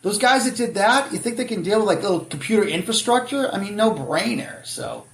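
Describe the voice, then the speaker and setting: A middle-aged man with a Boston accent speaks bluntly and tells his stories with animation, his voice sitting fairly high for a man. The sound carries a roomy echo around him. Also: wildly swooping pitch, a little fast, vocal fry, a bit bright. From Boston area, USA. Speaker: guest author. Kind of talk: casual podcast interview.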